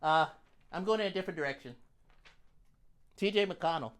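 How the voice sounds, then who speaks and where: A man's voice: high-pitched, normal speed, fairly bright tone. A young man on a comedic sports debate panel, blunt and heckling in manner.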